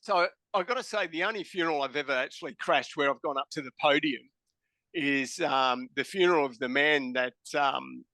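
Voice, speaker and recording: A man's voice: a little high, normal speed, bright, forceful tone, no room sound. A man with an Australian accent, a podcast guest telling stories casually and bluntly, swearing freely. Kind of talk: casual storytelling.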